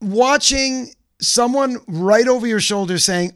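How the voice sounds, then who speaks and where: High-voiced male interviewer. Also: slow pace, few pauses. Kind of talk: conversational interview.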